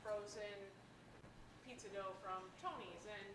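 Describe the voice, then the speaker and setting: A woman's voice: medium pitch, a little slow. Distant woman asking from the audience. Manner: earnest, tumbling explanation. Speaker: audience member asking a question. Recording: distant in an echoey room with background noise.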